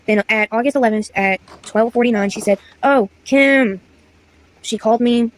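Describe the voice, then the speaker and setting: A woman's voice: a little high, level tone, quick pace, low-quality recording. A young woman of about twenty, reading old text messages aloud in a chatty, exasperated story-time vlog. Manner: chatty, exasperated, slangy asides. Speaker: content creator.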